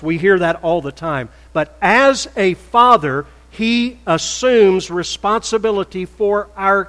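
Pastor guy preaching slow, kinda high voice, gets loud on the big points, echoey church. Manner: measured preaching that builds to loud emphatic peaks. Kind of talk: sermon. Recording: echoey hall with faint mains hum.

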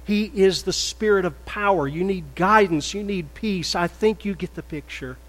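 An older man preaching a sermon in a church, stressing words loudly, then dropping to a soft prayerful tone. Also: high voice, moderate pace, big-room sound, poor audio. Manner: emphatic, swings between loud stresses and soft prayer. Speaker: pastor. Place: church sanctuary.

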